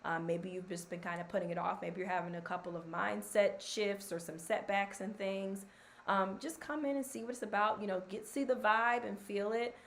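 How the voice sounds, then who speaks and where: A woman hosts a casual live stream, chatty, encouraging, and full of filler words. Her medium-pitched voice keeps a steady tone at normal speed but sounds scratchy from allergies. There's slight background noise.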